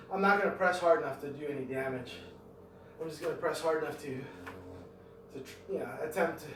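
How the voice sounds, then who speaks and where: A man's voice: fairly high pitch, slight background noise. A middle-aged man vlogging his home workout, rambling and thinking aloud as he goes. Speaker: fitness vlogger. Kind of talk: talking through a home workout. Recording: echoey room, mic at a distance.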